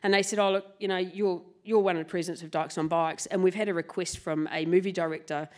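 Lively storytelling woman, lowish voice. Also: fast. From New Zealand. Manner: lively, laughs often, swears casually. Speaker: motorcycle club president and storyteller. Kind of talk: live storytelling to an audience.

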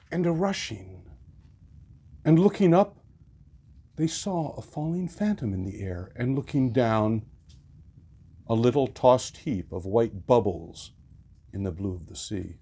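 A man reading a classic novel aloud with an expressive, varied delivery. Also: mid-range voice. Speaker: reader.

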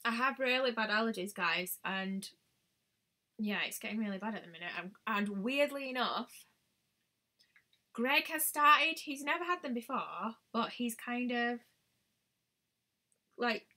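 Bright-voiced chatty woman. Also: a little high, expressive, normal speed. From United Kingdom. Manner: chatty, thinks aloud, exclaims often. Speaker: beauty vlogger. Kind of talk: casual live-stream chat.

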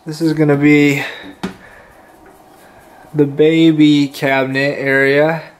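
A man talking casually in a home vlog, relaxed and joking. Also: a little high, slow, slight background noise. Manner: laid-back, joking, trails off in fragments. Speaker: vlogger.

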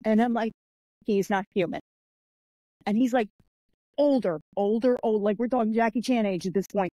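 A woman guest on an interview show, telling animated stories, acting out the people in them, with lots of "like" fillers. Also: a little high, brisk, no room sound. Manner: animated storyteller who acts out quoted people; chatty, with many "like" and "I'm like" fillers. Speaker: podcast guest, author and martial artist. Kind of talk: casual interview storytelling.

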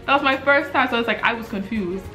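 A chatty woman in her twenties from the Bahamas talks straight to the camera and loops back over her own words. Her voice is bright and fairly high. Faint music plays underneath. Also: fast talker. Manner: chatty, repeats words, storytelling. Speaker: vlogger. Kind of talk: casual chat to camera.

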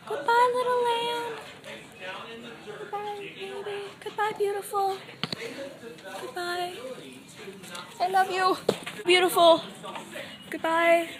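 A woman with a very high voice gushes in affectionate baby talk, doting and sweet. She records outdoors on a farm, with a busy crowd chattering around her. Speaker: vlogger on a farm visit. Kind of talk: casual vlog, cooing baby talk to lambs.

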